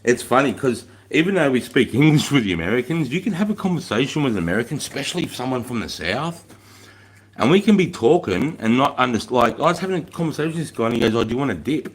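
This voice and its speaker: A man's voice: medium pitch, lively intonation, fast talker, slightly rough. A middle-aged man hosting a livestream in casual chat, swearing freely, rambling and laughing as he reads out viewer comments. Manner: profane, rambling, laughs often. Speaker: livestream host.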